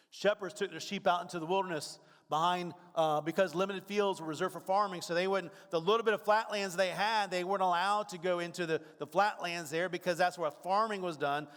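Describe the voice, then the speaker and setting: A man's voice: sits high, a bit bright, in a large hall. A man preaching a conversational sermon, now and then acting out worried, whiny voices.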